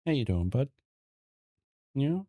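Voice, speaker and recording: An Australian man from Brisbane, a variety streamer and game developer, chatting casually with his viewers and greeting them by name. He often keeps his voice hushed so the game won't hear him. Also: medium pitch, very animated, slow, dry recording, studio quality. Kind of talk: casual livestream chat with viewers.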